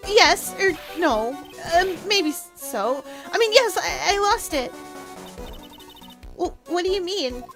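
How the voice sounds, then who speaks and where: A woman's voice: extremely high pitch, animated, slow, fairly bright tone, soft background music, pitched above the performer's own voice, full character voice. Woman voicing a stammering timid man. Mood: sheepish. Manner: stammering, nervous, wavering. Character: timid stammering middle-aged man, guilt-ridden. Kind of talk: reading game dialogue aloud.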